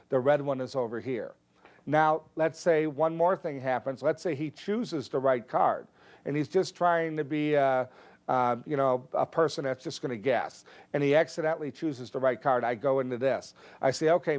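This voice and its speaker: A man teaching a card trick, calmly explaining each move step by step and acting out his stage patter. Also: a little high. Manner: relaxed, explanatory, steps through moves one by one. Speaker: magic teacher. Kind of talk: instructional explanation with performed patter.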